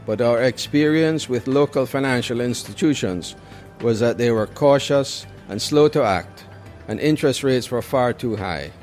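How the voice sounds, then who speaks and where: Guy reading a business ad testimonial, soft music behind. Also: mid-range voice. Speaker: company executive in an ad. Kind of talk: scripted ad testimonial.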